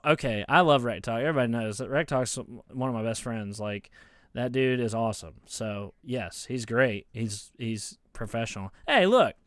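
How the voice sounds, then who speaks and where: A heated man rants into his phone as a football fan YouTuber, mocking his rival and tripping over his words as he restarts sentences. His voice is smooth and resonant. The sound is dry and close, with no room around it. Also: medium pitch, a bit bright, no room sound. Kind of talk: casual ranting vlog.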